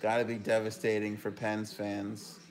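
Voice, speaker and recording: A young man hosting a live hockey talk stream, reacting to a game and reading viewer comments, with bursts of loud enthusiasm. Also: fairly low pitch, completely flat delivery, moderate pace.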